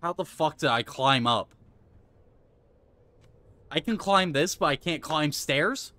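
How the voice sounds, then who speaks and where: A man's voice: fairly high pitch, takes it slowly, no echo. A man streaming live gameplay, talking himself through each move and flaring into swearing rage between laughs. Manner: excitable, swears and rages, coaches himself aloud.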